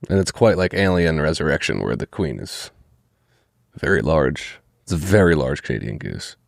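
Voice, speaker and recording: A man hosting a podcast, chatting casually in a dry, deadpan way and swearing freely. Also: very deep voice, normal speed, vocal fry, dry recording. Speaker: podcast host. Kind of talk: casual chat.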